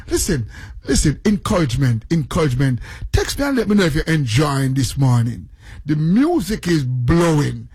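A middle-aged man hosting a morning radio show, talking excitedly and repeating phrases. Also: a little high, normal speed, husky, no echo.

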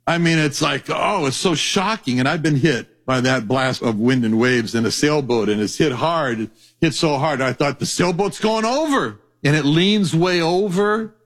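A male Bible teacher preaching a sermon in a conversational, animated storytelling way, acting out voices. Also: mid-range voice, normal speed.

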